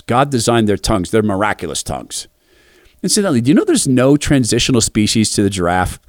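A middle-aged man preaching a devotional talk, telling lively family anecdotes and acting out the voices. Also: mid-range voice, no room sound, clean studio sound. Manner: animated, acts out voices in anecdotes.

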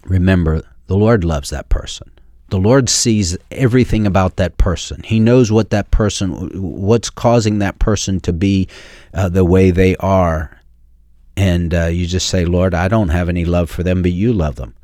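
Deep-voiced man hosting Christian radio. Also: normal speed, warm tone, dry recording, studio quality. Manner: earnest, storytelling, frequent uh fillers. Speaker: radio show host. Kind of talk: Christian call-in radio teaching.

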